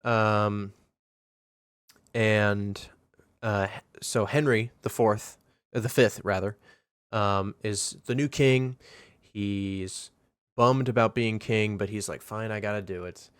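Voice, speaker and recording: A man with a low voice co-hosts a casual movie podcast. He rambles through plot retellings and slips into silly impressions. The sound is dry and close. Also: fairly even intonation, takes it slowly, clear, resonant tone, no room sound. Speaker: podcast co-host.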